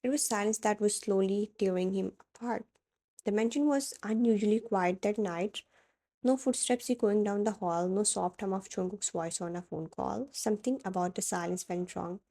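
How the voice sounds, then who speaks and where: A woman reads a romance story aloud in a steady, dramatic way. Her voice is warm and mellow, with a medium pitch. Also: moderate pace. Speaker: fan fiction narrator. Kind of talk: scripted narration of second-person fan fiction.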